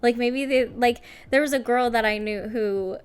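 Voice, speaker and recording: A woman's voice: fairly high pitch, moderate pace, clean tone. A woman co-hosting a podcast in casual chat, talking with lots of "like" fillers and laughing often. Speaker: podcast co-host.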